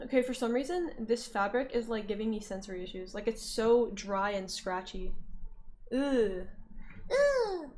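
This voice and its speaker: A woman's voice: a little high, very animated, unhurried, darkish tone, slight background noise. A young woman streamer reading chat aloud and answering it in a playful, teasing way, laughing often and humming or singing in little snatches. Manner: reads chat messages aloud and answers them. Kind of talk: casual livestream chat.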